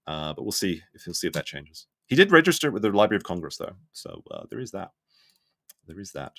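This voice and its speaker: A man commenting on a live stream, reading chat messages aloud in a skeptical, blunt way and thinking out loud. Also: low voice, big pitch swings, fast, vocal fry, no echo, clean studio sound. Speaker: streamer reacting to a documentary.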